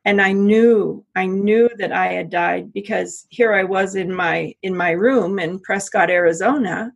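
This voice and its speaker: Husky middle-aged woman telling her story. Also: mid-range voice, lo-fi sound. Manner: halting, many restarts and repeats. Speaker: interview guest. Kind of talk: personal story in conversation.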